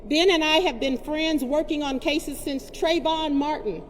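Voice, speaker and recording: A woman speaking at a press conference as a community advocate, giving a forceful and indignant public speech that drives her points home by repeating them. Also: high voice, measured pace. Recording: long reverb, faint background noise.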